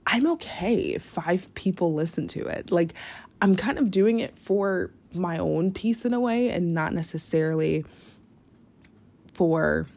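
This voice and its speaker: Young woman, podcast host, low voice, gravelly fry, rambling casual chat, lots of fillers. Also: a little mellow. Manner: rambling, heavy use of "like", earnest and grateful. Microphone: podcast mic, no camera.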